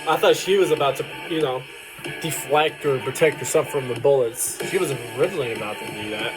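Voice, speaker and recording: A tired man hosting an anime reaction, talking in a loose, rambling way late at night. His voice sits in a middle pitch and he wanders through his thoughts with fillers. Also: a little fast, over music. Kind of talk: casual reaction commentary.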